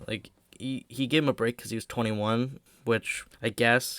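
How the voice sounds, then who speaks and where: A man's voice: mid-range voice, moderate pace, hardly any pauses, a bit bright, clean tone, no echo. A teenage boy telling a rambling, joking, profane story in a casual vlog. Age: teens.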